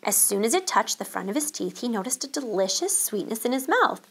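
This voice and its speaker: A woman teacher reading a children's chapter book aloud, calm and expressive. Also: on the high side, brisk, few pauses, breathy edge.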